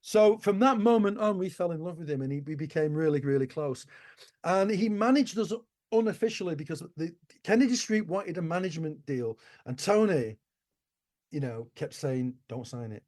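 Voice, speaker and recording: A man in his sixties tells stories from his music career in an interview. He talks in an animated way, swears casually and acts out what other people said. His voice sits a little high for a man. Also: moderate pace. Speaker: musician guest. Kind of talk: anecdotal interview storytelling.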